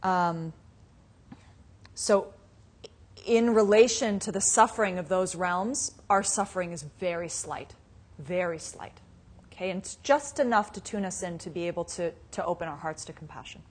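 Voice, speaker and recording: A woman's voice: lowish voice, moderate pace. A woman teaching a live meditation class. She talks casually and tells stories with light laughter. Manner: casual and conversational, many "you know"s and asides; storytelling with frequent light laughter. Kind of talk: live Buddhist dharma class talk.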